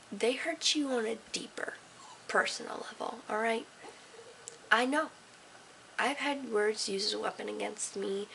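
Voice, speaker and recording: Talking casually to camera in her bedroom at night under a desk lamp, a teenage girl rambles with sarcasm, alternating between whispers and bursts of energy. Her voice is medium-pitched, creaky, and fairly bright, and the rough recording has a faint hiss or hum.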